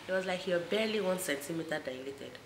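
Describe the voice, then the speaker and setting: A young woman, telling a personal story to her viewers in a casual, animated way. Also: fast talker, gravelly. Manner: animated retelling, voices rising high for quoted moments. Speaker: vlogger. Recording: echoey room with faint noise.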